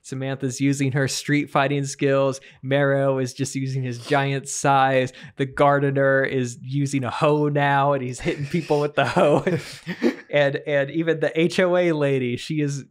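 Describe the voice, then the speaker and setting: A man co-hosting a comedy podcast, improvising a story and jumping into squeaky character voices for the figures. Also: flat delivery, measured pace. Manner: acts out characters with sudden high-pitched voices. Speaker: podcast co-host.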